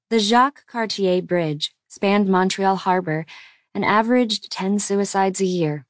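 A woman narrating an audiobook in a calm, even storytelling voice. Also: mid-range voice, measured pace, dry recording, studio quality.

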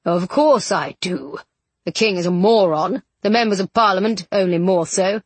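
A woman's voice: medium pitch, moderate pace, husky, dry recording, lightly acted. A woman voicing an older aristocratic male villain, smug and condescending, speaking in a silky manner. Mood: menacing.

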